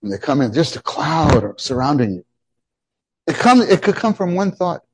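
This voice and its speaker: A middle-aged man preaching a sermon, animated and emphatic, often repeating his phrases. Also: a little high, moderate pace, breathy edge. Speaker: pastor.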